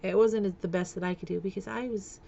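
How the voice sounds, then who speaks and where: Vlogger woman with a gravelly edge, raw and candid, lo-fi recording. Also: mid-range voice, steady tone, fairly quick, dark tone. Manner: candid, emotional, with nervous laughs and repeated words. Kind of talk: personal storytelling vlog.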